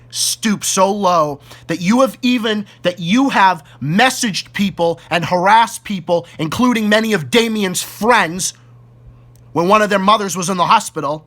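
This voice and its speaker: Man, boston accent, angry profane rant, raised voice, tense and forceful, repeats his insults. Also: a little high. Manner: furious, profane, repetitive insults. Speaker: YouTube ranter. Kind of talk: angry direct-to-camera rant.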